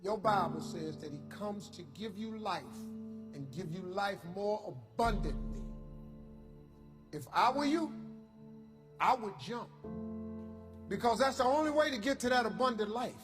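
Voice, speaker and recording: A man delivers a motivational speech with a preacher's fervent, colloquial cadence. His voice sits high and rings through a reverberant hall. Music plays underneath. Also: animated, unhurried, long pauses. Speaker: motivational speaker.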